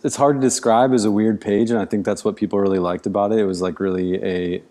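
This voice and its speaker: A man from the Midwest, an outdoor educator and podcast guest, speaking in a thoughtful, measured way and pausing to find his words. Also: fairly low pitch, fairly even intonation, dark tone. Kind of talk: casual podcast interview.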